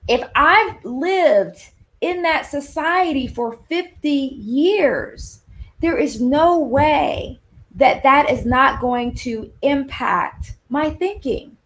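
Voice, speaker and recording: A woman in her fifties with a Southern accent, giving an animated presentation with emphatic shifts in pace. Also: high voice, takes it slowly. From Long Island, New York. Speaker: speaker on workplace anti-racism. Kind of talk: presentation to an audience.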